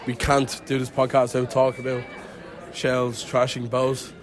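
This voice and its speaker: A man's voice: mid-range voice, completely flat delivery, moderate pace, faint music behind. Young Irish man, jokey travel banter. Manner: jokey, self-mocking banter. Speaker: podcast co-host. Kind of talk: casual travel chat. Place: outdoors and in an airport, walking through a city.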